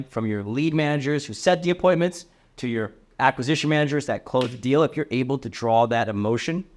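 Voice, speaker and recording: A young man leads a sales training session with energy and emphasis. He keeps acting out sample cold call lines to show tone. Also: medium pitch.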